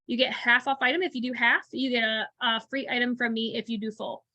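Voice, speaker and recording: A woman coaching on a video call, chatty and animated, often acting out what to say on the phone. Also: on the high side, fairly quick, no echo, highs cut off. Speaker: sales coach.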